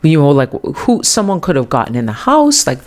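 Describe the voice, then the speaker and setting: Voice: mid-range voice, wildly swooping pitch, normal speed. Rambling New England podcast host. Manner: wandering, self-correcting, chuckling often. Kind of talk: rambling casual storytelling.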